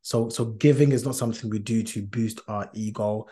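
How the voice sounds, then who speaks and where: Man, podcast host, low voice, earnest, rambling restarts. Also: steady tone, normal speed, dark tone. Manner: earnest, chatty, many fillers and restarts; laughs easily. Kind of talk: casual podcast chat.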